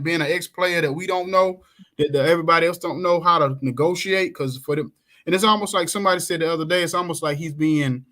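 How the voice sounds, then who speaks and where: A lively middle-aged man, talking in a bright, forceful voice that sits a little high for a man. He tells stories with big swings in pitch and acts out the people in them. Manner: animated storyteller, acts out quoted voices, swings pitch widely. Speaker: coach and podcast guest. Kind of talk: casual chat.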